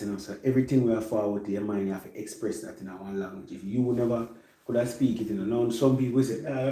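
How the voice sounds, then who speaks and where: A man's voice: lowish voice, dark tone, slight background noise, poor audio. A Jamaican man giving a rambling, casual music commentary that mixes patois with English. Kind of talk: casual chat.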